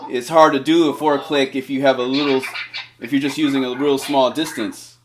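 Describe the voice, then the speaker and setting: A man's voice: medium pitch, fairly even intonation, moderate pace, noisy background. A man teaching DJ scratching over a cellphone video call, eager and encouraging, talking in loose, filler-heavy bursts. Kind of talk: casual one-on-one instruction over a video call.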